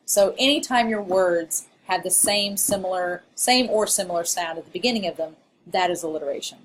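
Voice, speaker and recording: A woman's voice: on the low side, brisk, slight background noise. A woman with a Southern Illinois accent giving a recorded college English lecture, chatty and playful, with frequent laughs and asides.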